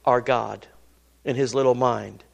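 A man's voice: steady tone, unhurried, gravelly. A man preaching a sermon in an earnest way, often repeating and restarting his words. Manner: earnest, repeats and restarts words, rises and drops pitch for emphasis.

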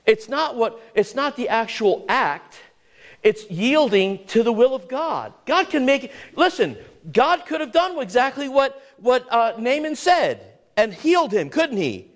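A man's voice: extremely high pitch, sing-song, a little slow. A man preaching a sermon as pastor, pressing the congregation with emphatic rhetorical questions.

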